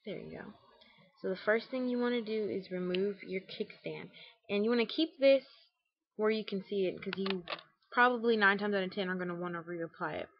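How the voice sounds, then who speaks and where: A woman's voice: mid-range voice, moderate pace, slight background noise. A young woman talks her viewers through a home tutorial in a loose, chatty way, full of fillers. Her voice sits in a middle range. The recording is dull and lo-fi, picked up by a camera mic in a room at home. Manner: chatty, with many fillers and acted quotes. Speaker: beauty vlogger. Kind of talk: casual how-to tutorial. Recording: dull lo-fi webcam audio.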